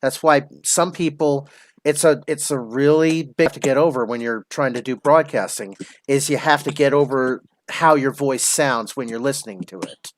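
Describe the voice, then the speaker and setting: A man hosting a stream, mocking and lecturing someone slowly and at length. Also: medium pitch, no echo. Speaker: show host. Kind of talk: live stream commentary.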